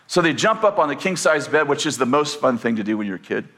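An older preacher with a mid-range, fairly bright voice talks fast with lively intonation. His sermon rambles through a family story full of fillers and restarts, then rises into emphatic declarations.

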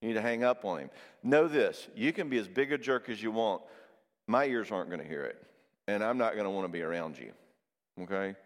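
A man with a drawl telling marriage-counseling stories to a crowd. His voice swings widely in pitch as he acts out both sides of each conversation. It is recorded with a long hall reverb. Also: lively intonation, a little fast. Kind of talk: conversational Christian talk with stories.

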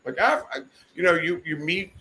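Older man telling wild stories, very animated. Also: on the high side, normal speed, a little hiss or hum. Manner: profane, animated, rambling. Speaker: guest storyteller. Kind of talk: casual chat, storytelling. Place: studio.

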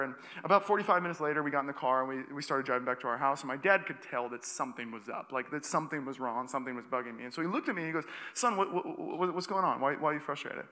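A young male pastor delivers a sermon in a sharp, bright voice that sits a bit high for a man. He tells stories in an animated way, with restarts and quick asides. The sound rings with the long reverb of a church hall. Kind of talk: sermon with personal story. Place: church auditorium.

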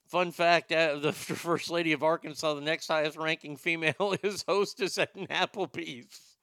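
A man hosting his own show, ranting about politics with sarcasm and frequent swearing. His voice sits fairly high, with a gravelly rasp and a bright, sharp edge. The sound is dry and close. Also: steady tone, normal speed, no echo. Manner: profane, sarcastic, boastful. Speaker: show host.

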